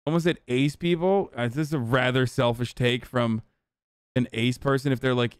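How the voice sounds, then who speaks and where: A man's voice: medium pitch, brisk, clear, resonant tone, no room sound. A young man ranting in profane, casual commentary, talking straight to his live-stream chat. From Turkey. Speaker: streamer reacting to a video.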